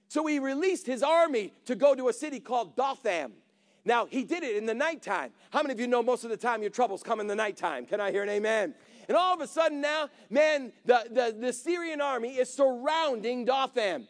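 A man preaching with a strikingly high-pitched voice. He tells the story with energy, acting out the characters and drawing the congregation in with questions. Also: fairly quick. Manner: animated, acts out characters, calls to congregation. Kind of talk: sermon storytelling.

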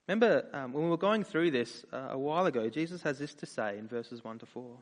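A man preaching a sermon, earnest in his appeals and animated when he tells personal stories. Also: mid-range voice, fairly quick. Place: church. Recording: reverberant church hall.

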